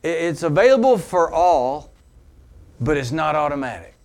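A man preaching as a pastor. He tells an anecdote with animated energy, then turns low and earnest for the teaching. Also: moderate pace, vocal fry. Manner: animated storyteller who laughs along with his own anecdote. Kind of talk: sermon storytelling.

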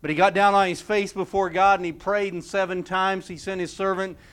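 A man preaching a sermon, retelling a scripture story and swinging between emphatic and hushed delivery. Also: high voice, level tone, a little fast, smooth.

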